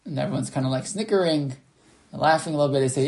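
A man's voice: mid-range voice, racing, darkish tone. A man teaching a Torah class over a video call, telling a story and reading sources, with many fillers and restarts. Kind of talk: online class lecture.

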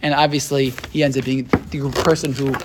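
An American man teaches a Torah class to a small group, his mid-range voice holding fairly flat in pitch at a normal speed. He poses rhetorical questions, often checks in with "right?", and thinks aloud with restarts, all over a noisy background.

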